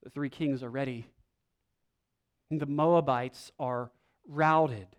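A man preaching a sermon, reading scripture aloud and moving between emphatic lines and hushed ones. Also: medium pitch, steady tone, slow. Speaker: pastor.

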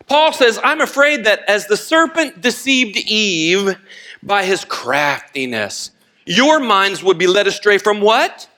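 Older man, pastor, sermon, somewhat high voice, impassioned then hushed, folksy asides. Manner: swings from loud and impassioned to low and hushed; storytelling with laughter and folksy asides.

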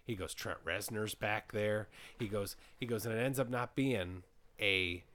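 A man's voice: on the low side, measured pace, slight background noise. A man hosting a podcast in casual chat, retelling a story and quoting people with lots of "he goes". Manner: animated storyteller, retells quotes with repeated "he goes". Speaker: podcast host.

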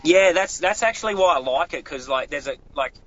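A man's voice: on the high side, animated, a little fast, a bit bright. A young Australian man, a pro angler and guest, talking earnestly in a rambling way with many restarts. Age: young adult. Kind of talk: casual interview talk. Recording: slightly dull audio.

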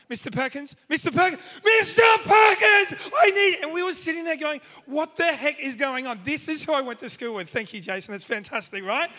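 High-voiced teacher in a reverberant hall. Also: male voice. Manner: lively storytelling, acts out a student's voice. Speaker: high school teacher giving a talk. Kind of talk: speaking to an audience.

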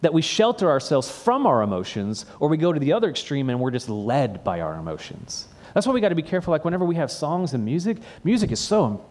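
A man's voice: on the high side, sing-song, fast talker, hardly any pauses, a little mellow. A man who is a pastor, giving a sermon that retells a personal story in a conversational way and often repeats the first word of a phrase.

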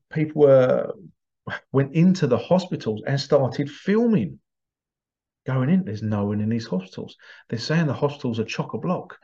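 The speaker is a hypnotherapist whose mid-range voice has a dark tone. Talking casually in a small, stuffy room, he rambles emphatically and keeps repeating himself, and the lo-fi recording comes across as slightly dull.

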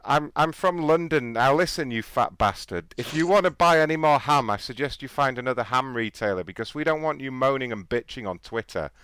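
A man's voice: mid-range voice, animated, fairly quick, hardly any pauses, fairly bright tone, smooth. A man making a prank phone call as a fake store owner, brash and mock-polite, swearing freely.

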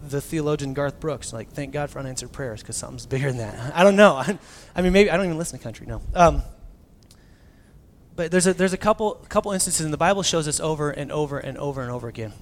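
Animated male pastor, slightly high voice. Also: quick pace. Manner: animated, swings from loud to near-whisper, acts out quotes; casual, joking preaching. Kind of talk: sermon.

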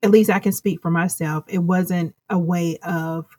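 A woman's voice: lowish voice, steady tone, normal speed, a little mellow, slightly rough. A woman guest in an interview, speaking earnestly and reflectively, rambling through her thoughts. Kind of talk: casual interview chat.

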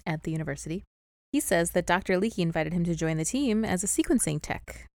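A woman's voice: fairly low pitch, lively intonation, fast, darkish tone, dry recording, studio quality. A young woman co-hosting a podcast, chatting casually and giggling often as she recaps an episode. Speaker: podcast co-host.

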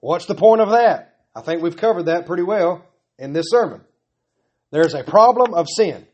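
Male pastor, earnest repetitive sermon delivery, slightly high pitch. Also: animated, moderate pace, breathy edge. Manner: earnest, pleading, repetitive emphasis.

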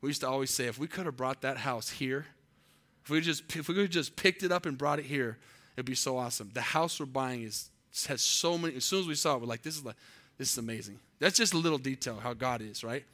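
A man's voice: medium pitch, fast, sharp tone. A man preaching a sermon to a congregation as pastor, telling a story with animation and often quizzing the listeners.

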